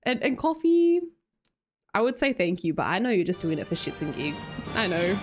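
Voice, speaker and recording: A woman's voice: mid-range voice, big pitch swings, normal speed, music in the background. A young Australian woman chatting casually on a live stream, reading out chat, teasing viewers, laughing often and swearing casually. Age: young adult.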